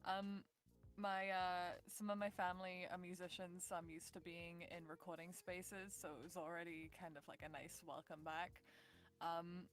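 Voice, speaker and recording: A woman's voice: fairly low pitch, level tone, moderate pace, faint music behind. A woman in her twenties with a Northern English accent, chatting casually and giggling as an interview guest. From north of England. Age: 20s. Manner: chatty and giggly, lots of fillers. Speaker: voice actress guest.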